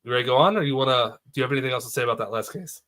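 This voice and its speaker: A man's voice: medium pitch, very fast, bright, forceful tone. A man hosting a livestream, chatting casually and thanking supporters in a self-deprecating way. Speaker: livestream host. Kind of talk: casual chat.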